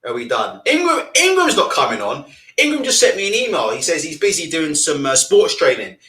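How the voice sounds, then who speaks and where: A loud man hosts a boxing live stream, reading out comments and ranting in a deliberately amped-up, profane way. His voice sits high for a man and leaps all over the place as he vents. He keeps the energy pushed up throughout. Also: huge pitch swings. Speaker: boxing channel host.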